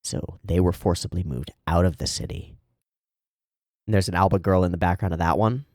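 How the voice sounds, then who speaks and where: A man's voice: low-pitched, fairly quick, a little mellow, dry recording, studio quality. A man hosting an anime reaction video, talking casually and animatedly, often laughing and swearing as he comments.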